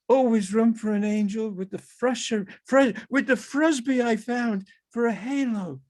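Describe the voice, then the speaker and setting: A man reading his own fiction aloud over a video call as a halting, musing first-person character monologue. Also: high voice, a little mellow. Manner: halting, musing, talks to animals and people in the scene.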